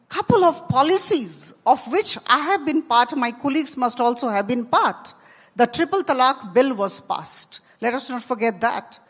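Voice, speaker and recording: A woman with an Indian English accent giving a forceful panel speech, stressing each point and repeating it for weight. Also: high-pitched. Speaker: panel speaker. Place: large conference hall. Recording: long hall reverb.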